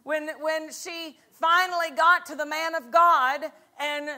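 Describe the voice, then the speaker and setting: A woman's voice: sits high, steady tone, takes it slowly, pushed and bright. A woman pastor preaching a fervent sermon at a conference, repeating lines and calling out for an amen. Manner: fervent, repetitive, call-and-response. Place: church conference hall.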